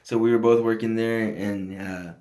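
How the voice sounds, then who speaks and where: A man's voice: on the low side, steady tone, normal speed, mellow. A man co-hosting a casual podcast, telling a story in a laid-back, rambling way with many fillers, recorded on a phone in a home studio. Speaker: podcast co-host. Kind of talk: casual chat. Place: house used as a home studio.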